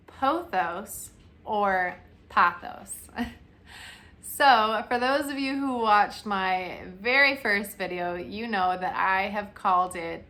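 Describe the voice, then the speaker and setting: Bright, chatty young woman vlogging. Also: medium pitch. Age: 20s. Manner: chatty, self-mocking, laughs often. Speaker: plant vlogger. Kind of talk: casual chat to camera.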